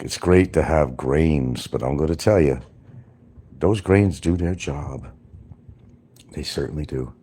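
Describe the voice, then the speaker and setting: A man's voice: rumbling low, a little mellow. A man from New York rambling casually to his livestream viewers, chatting straight to them.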